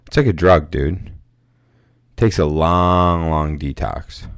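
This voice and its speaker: A man co-hosting a casual podcast with an extremely deep, low voice. His recording sounds dry and close. He talks in a laid-back, slangy way, calling his friend "dude" and "bro". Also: takes it slowly, smooth, dry recording. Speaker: podcast co-host. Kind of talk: casual chat.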